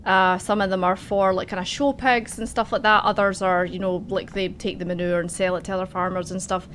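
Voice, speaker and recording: A woman's voice: medium pitch, little pitch movement, fairly quick, a bit bright, slight background noise. Chatty woman game master. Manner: chatty, giggly, loose narration. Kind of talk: narrating a tabletop game.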